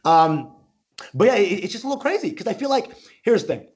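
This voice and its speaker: Over a video call, a man with a high voice delivers brisk, animated stand-up that rambles freely. He keeps throwing in "okay?" and "oh my God."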